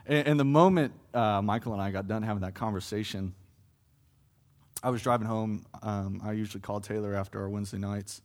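A young adult man giving a sermon testimony, earnest and building to impassioned pleas with swings in loudness. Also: lowish voice, steady tone, a little fast. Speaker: preacher.

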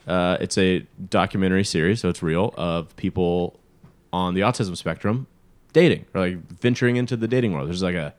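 A man hosting a podcast in casual chat, telling stories in an animated way. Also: deep voice, a little fast, clean tone. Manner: animated storyteller. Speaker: podcast host.

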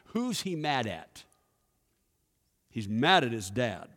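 A pastor giving a sermon, telling a story and putting questions to the congregation. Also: male voice, medium pitch, big pitch swings, takes it slowly, pauses often, fairly bright tone. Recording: echoey hall with long reverb.

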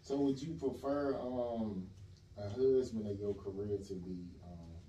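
A man hosting a casual interview podcast, relaxed and chatty. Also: on the low side, measured pace. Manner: relaxed, brief affirmations. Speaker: podcast host, truck driver. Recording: roomy echo, voice a bit far from mic, faint noise.

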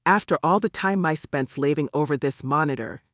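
A man's voice: fairly high pitch, a little fast, a bit bright, no echo, studio quality, natural voice. A man reading the part of a grumbling young male programmer, complaining in an audiobook.

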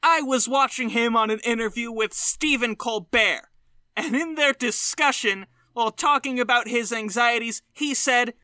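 A man's voice: very high voice, normal speed, bright, forceful tone. A man co-hosting a podcast, chatting casually with dry, self-deprecating humor. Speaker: podcast co-host. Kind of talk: casual comedic chat.

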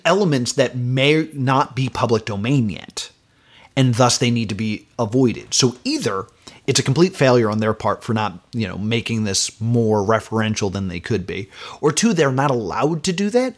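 Podcast guy ranting about a bad movie, voice swings up and down a lot, lots of likes and uhs. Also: mid-range voice. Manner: exasperated, rambling rant full of fillers. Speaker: podcast host. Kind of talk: casual film review.

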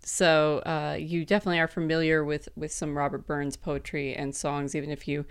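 A woman's voice: low voice, level tone, moderate pace, clear, resonant tone. A woman giving a casual, chatty explainer, with frequent fillers and light laughs. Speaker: presenter.

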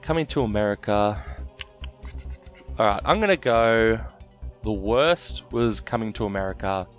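Animated man thinking aloud on a quiz. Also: lowish voice, measured pace, faint music behind. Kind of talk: casual quiz chat.

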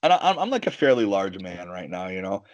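A man talking in a casual, animated way, telling stories full of restarts and "you know" asides. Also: sits low, quick pace, no room sound, muffled recording. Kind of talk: casual storytelling chat.

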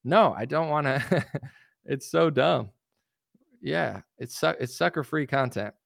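A man's voice: mid-range voice, expressive, slow pace, creaky, dry recording, studio quality. Boastful, blunt young man ranting. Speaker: online commentary host. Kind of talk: casual livestream commentary.

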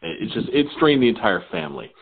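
A man from the American South interviewing an actress, asking long, halting questions full of fillers. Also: lowish voice, big pitch swings, noisy background. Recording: tinny phone-line audio.

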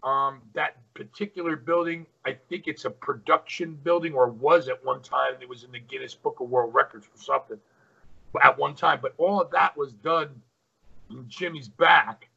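A man's voice: mid-range voice, steady tone, normal speed, creaky, pushed and bright, slightly rough, lo-fi sound. A middle-aged man, a retired pro wrestler, telling stories as an interview guest, rambling with many fillers. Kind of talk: casual interview storytelling.

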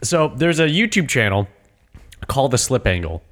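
A man's voice: medium pitch, sing-song, moderate pace, a bit bright. Laid-back man chatting on a podcast. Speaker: podcast host. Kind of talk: casual chat.

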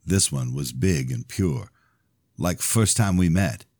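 A man reading his own novel aloud as a podcast host, in steady, even first-person narration. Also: extremely low pitch, slow pace, dry recording, studio quality.

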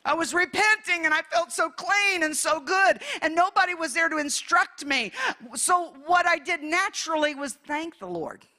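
A woman preaching in a church, telling her testimony with emotion, moving between hushed passages and loud ones. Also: extremely high pitch, normal speed. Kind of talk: testimony sermon.

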